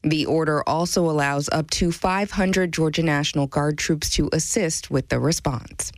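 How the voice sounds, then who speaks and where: A woman anchoring a live radio newscast, reading crisply and briskly. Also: low voice, steady tone.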